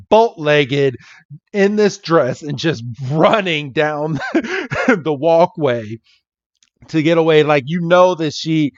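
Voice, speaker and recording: A podcast co-host with a voice on the high side, recorded dry and somewhat muffled, recaps a cartoon episode in casual conversation. He tells it in an animated way, briefly doing quick impressions of the characters as he goes.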